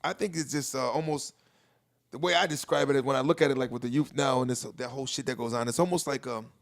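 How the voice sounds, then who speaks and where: A man's voice: medium pitch, steady tone, quick pace, gravelly. A middle-aged man co-hosting a podcast in casual chat, loose and profane, laughing often. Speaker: podcast co-host.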